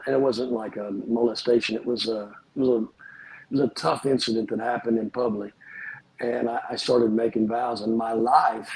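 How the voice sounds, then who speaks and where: A man, a pastor and podcast guest, telling earnest, animated stories about forgiveness in casual conversation. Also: medium pitch, gravelly, husky, rough recording.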